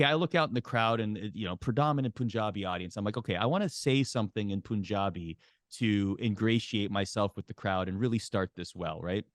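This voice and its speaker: A man telling a story as an interview guest, his pitch bouncing all over. He sounds dry and close, animated, with sudden jumps into a high voice when he quotes himself. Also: dry recording.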